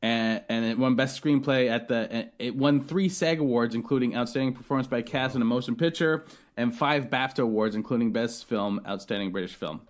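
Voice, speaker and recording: A man's voice: medium pitch, brisk. A man hosting a podcast, reviewing a film in casual chat, rambling and swearing with many restarts. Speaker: podcast host.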